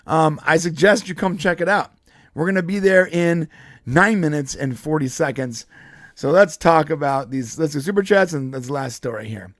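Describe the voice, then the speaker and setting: A podcast host with a fairly high, fairly bright voice speaks at normal speed on a casual political show, blunt and profane, slipping into put-on voices while telling a story. The sound is clean studio audio with no echo.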